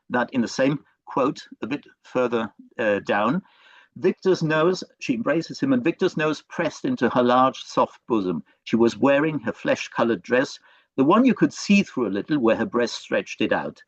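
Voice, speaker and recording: A man's voice: mid-range voice, dry recording. A male professor giving an online lecture, hesitant, with many fillers and restarts. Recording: dull, dry lo-fi recording.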